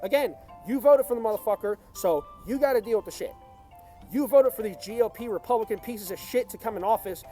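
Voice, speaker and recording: High-voiced man ranting angrily. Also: a little fast, warm tone, soft background music. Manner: angry, profane ranting. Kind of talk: ranting on camera.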